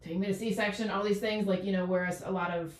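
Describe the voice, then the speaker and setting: A woman's voice: mid-range voice, steady tone, quick pace, a little mellow, recorded from a distance. A woman in her forties, a doctor, chatting casually as an interview guest, talking in loose runs full of fillers and restarts. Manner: rambling, many fillers and restarts. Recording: echoey room, off the mic.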